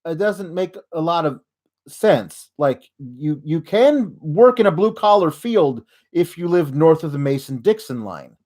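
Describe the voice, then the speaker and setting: Sarcastic guy ranting thru a wrestling recap, kinda high voice, rambly. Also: big pitch swings, a little mellow. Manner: rambling, sarcastic, halting with fillers. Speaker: host of a wrestling recap show.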